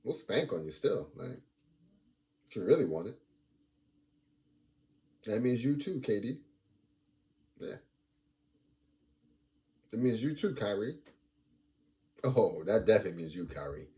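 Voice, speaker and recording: A man's voice: fairly low pitch, a little slow, long pauses. A young man hosting a casual sports fan vlog, talking playfully and repeating lines for emphasis. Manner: animated, playful trash talk.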